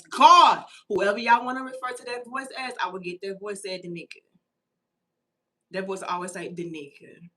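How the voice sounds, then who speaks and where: A woman's voice: medium pitch, sharp tone, recorded from a distance. A woman in her thirties, chatting casually and profanely straight to her viewers while she tells a personal story. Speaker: vlogger.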